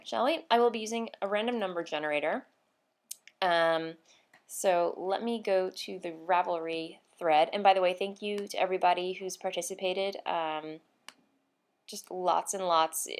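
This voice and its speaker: A tired woman hosts her knitting vlog in a loose, chatty way. She trails off, fills pauses with "um" and laughs at her own slips, always sounding a bit scatterbrained. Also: on the low side. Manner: scatterbrained, rambling with fillers and laughs. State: tired, short on sleep. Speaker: knitting podcast host. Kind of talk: casual vlog chat.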